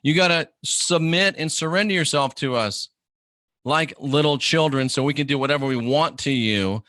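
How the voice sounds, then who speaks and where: Man, middle-aged, streaming host, animated preachy monologue, bright voice, dry close sound. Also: fairly high pitch, normal speed, no room sound. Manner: animated, preachy, contrarian rants with mimicked quotes. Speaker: host of an online channel. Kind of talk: livestream monologue.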